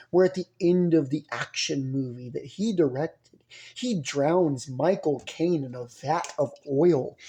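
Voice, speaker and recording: A man's voice: a little high, dark tone. A man riffing in a comedic monologue, rambling and sarcastic, bouncing between ideas. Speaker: podcast host.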